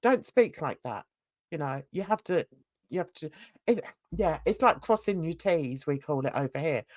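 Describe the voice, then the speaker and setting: A woman's voice: low-pitched, animated, moderate pace, no echo. An older woman from London, hosting a casual, opinionated and rambling chat. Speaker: host.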